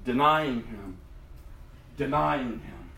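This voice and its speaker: Dramatic preacher in an echoey room. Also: male voice, mid-range voice, animated, drawn-out words, gravelly, slight background noise. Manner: dramatic, acts out scripture voices with big swings from loud to hushed. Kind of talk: sermon.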